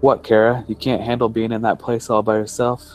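A wisecracking cop ribs his coworker in a lower, mocking voice, as a storyteller plays him. Soft music sits faintly behind. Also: flat delivery, a little fast, lightly acted. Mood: teasing. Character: joking, teasing male police officer.

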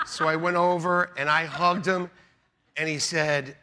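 This middle-aged pastor's voice is a little high and his delivery brisk. He animates his sermon with stories, laughs, and shouted quotations.

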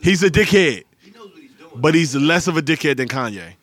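A man's voice: on the high side, expressive, normal speed, a bit bright. A man co-hosting a podcast, talking in laid-back, joking banter with friends. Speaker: podcast co-host. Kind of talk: casual chat.

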